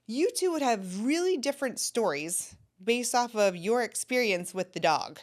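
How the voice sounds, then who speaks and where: Brief: animated woman life coach hosting her own podcast, conversational and direct. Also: a little high, moderate pace, hardly any pauses. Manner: animated, conversational, talks to the listener. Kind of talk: solo podcast teaching.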